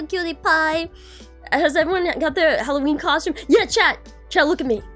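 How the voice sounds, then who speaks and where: A woman's voice: high voice, moderate pace, faint music behind. A young adult woman streaming, chatting casually and greeting her viewers by name, bubbly and swearing now and then.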